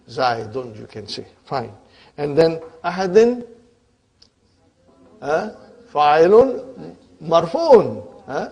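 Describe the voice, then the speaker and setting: A man with a slightly high-pitched voice teaches Arabic grammar to a classroom of students. He mixes English with Arabic grammar terms and draws some of them out slowly. Every few phrases he stops to check in with the class, asking "huh?" and "are you with me?". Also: mellow, husky, lo-fi sound.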